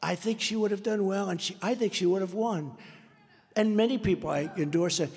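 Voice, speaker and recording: An older man with a gravelly, fairly high voice works a rally crowd off the cuff. He rambles, repeats himself and boasts through his stories. His voice rings with long reverb from a large hall. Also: fairly quick, darkish tone. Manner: rambling, repetitive, boastful storytelling. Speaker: political candidate at a rally. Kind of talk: off-script campaign rally speech. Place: large indoor rally venue.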